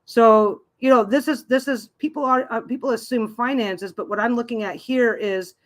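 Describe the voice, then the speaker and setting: A woman's voice: a little high, normal speed. A middle-aged woman hosting a live stream as a tarot reader, chatting casually and rambling, often restarting her sentences and reading viewer comments aloud. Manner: reads viewer comments aloud and answers them.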